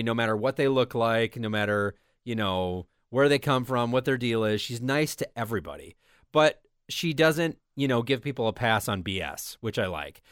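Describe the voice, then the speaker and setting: A man co-hosting an entertainment podcast in casual chat, with a chatty, animated way of talking. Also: mid-range voice, dry recording, studio quality. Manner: animated, chatty, mimics people with exaggerated voices. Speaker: podcast co-host.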